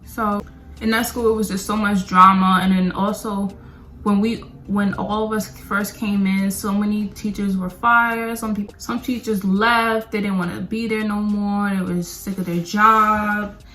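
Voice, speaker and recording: A young woman tells a storytime while doing her makeup. She rants and rambles, jumping from point to point in a casual, animated way. Her mid-range voice bounces around an echoey room. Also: medium pitch, unhurried, soft background music. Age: young adult. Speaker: beauty vlogger.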